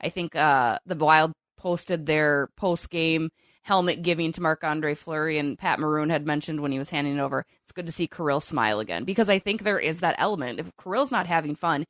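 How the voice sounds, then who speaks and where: Low-voiced woman chatting about hockey. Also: fairly quick, fairly bright tone, no room sound, studio quality. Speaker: co-host. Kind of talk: casual sports podcast chat.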